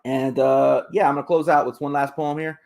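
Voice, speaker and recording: A poet from the east side of Los Angeles performing spoken-word poems in a rhythmic, incantatory way, moving between hushed lines and loud bursts. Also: male voice, mid-range voice, fairly even intonation, brisk, gravelly. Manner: rhythmic, incantatory delivery with repeated refrains.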